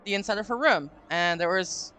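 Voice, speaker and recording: A woman's voice: mid-range voice, normal speed, bright, forceful tone. A woman hosting a live stream, chatting casually and telling a long, rambling story with some swearing. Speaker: streamer host. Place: home stream room. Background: faint spooky music.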